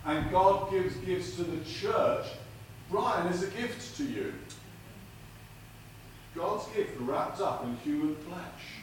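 Guest preacher, animated and fairly high, distant mic in a very echoey church. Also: male voice, takes it slowly. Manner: lively, dramatic delivery with big pitch swings. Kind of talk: sermon with jokes. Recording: echoey church from far off with noise.

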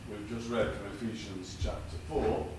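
A man preaching a sermon with jokes, delivered in a lively, dramatic way in a church. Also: moderate pace. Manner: lively, dramatic delivery with big pitch swings. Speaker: guest preacher. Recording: echoey church from far off with noise.

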